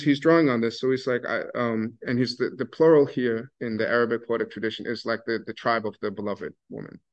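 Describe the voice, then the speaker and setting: A man with a mid-pitched voice talks through old poetry in a loose, conversational way. He often restarts his sentences and speeds up and brightens whenever he voices a quoted speaker. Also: muffled recording. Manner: conversational, many restarts and fillers, animated when quoting. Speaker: scholar explaining Sufi poetry. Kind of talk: casual lecture-style explanation.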